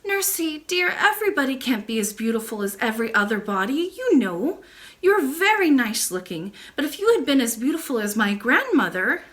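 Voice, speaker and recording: A woman voicing an earnest little girl princess who pleads and speaks up high. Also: very animated, moderate pace, a bit bright.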